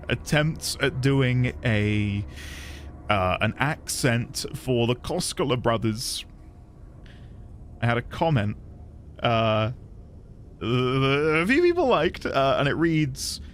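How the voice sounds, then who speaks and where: Lively male streamer chatting to his viewers. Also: mid-range voice, a little hiss or hum. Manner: animated, laughs often, self-deprecating asides to chat. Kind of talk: casual live gaming commentary.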